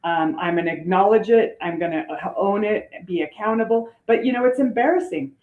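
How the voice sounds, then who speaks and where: A woman's voice: mid-range voice, lively intonation, a little fast, echoey room, narrow, tinny audio. An older woman, a grandmother, giving earnest advice as a podcast guest. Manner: earnest, advising. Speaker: guest author and performance coach. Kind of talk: casual podcast conversation.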